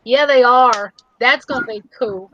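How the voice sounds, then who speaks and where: Woman with a high, bright voice, jokey livestream guest, dull lo-fi audio with hiss. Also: a little slow. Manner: joking, laughing asides. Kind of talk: casual livestream chat.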